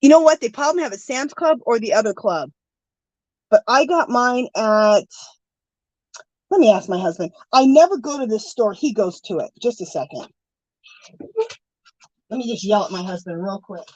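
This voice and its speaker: A woman's voice: fairly high pitch, lively intonation, moderate pace, pauses often, dry recording, highs cut off. A middle-aged woman hosting an art livestream from home, chatting casually and reading viewer comments, gushing and teary. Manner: warm, gushing, emotional, scattered.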